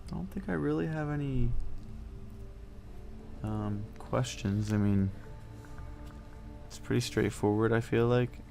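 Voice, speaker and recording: A man playing a tabletop game, talking hesitantly with lots of fillers and soft trailing endings. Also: medium pitch, unhurried, gravelly, long pauses, soft background music. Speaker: player. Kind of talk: tabletop role-play chat.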